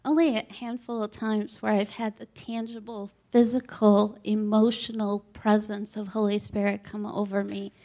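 A woman sharing an earnest, animated testimony at a church talk. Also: mid-range voice, normal speed, hardly any pauses.

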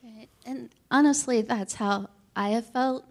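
A woman sharing an earnest, animated testimony at a church talk. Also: on the high side, unhurried.

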